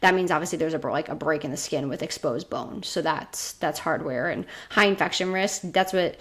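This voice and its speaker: A woman's voice: low voice, fairly quick. A woman co-hosting a sports podcast, explaining things in a matter-of-fact, casual way. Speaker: podcast co-host.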